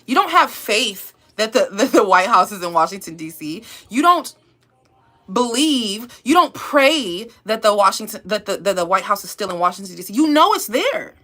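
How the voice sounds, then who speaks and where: A woman's voice: medium pitch, sing-song, normal speed, bright, forceful tone. A woman YouTuber giving an emphatic, repetitive motivational pep talk to her viewers, calling them y'all and babe.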